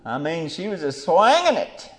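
A middle-aged man preaching a fiery Bible sermon. He drops to low murmurs, then bursts into loud exclamations. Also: wildly swooping pitch, normal speed.

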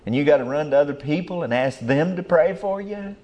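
A man's voice: on the high side, expressive, a little fast, darkish tone, dull audio. An older man, preaching a sermon in a folksy, rambling way with rural grammar.

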